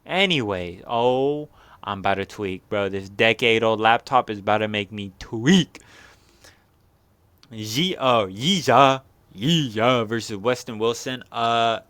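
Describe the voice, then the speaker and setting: A man's voice: lowish voice, slow, fairly bright tone, smooth, no echo. A young man hosting a casual fight recap, rambling along in slang and constant swearing.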